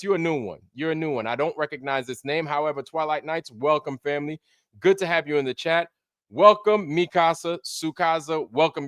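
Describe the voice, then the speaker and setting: In a casual livestream, a host from Brooklyn, New York greets viewers loosely and profanely, sometimes using put-on voices. His voice is a little high and a bit bright, at a moderate pace, in a dry, clean studio recording.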